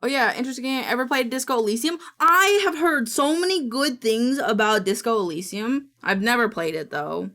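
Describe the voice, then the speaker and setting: A woman's voice: fairly high pitch, expressive, a little fast, hardly any pauses, pushed and bright. A woman streaming live, chatting casually and rambling while reading on-screen text aloud. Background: music playing.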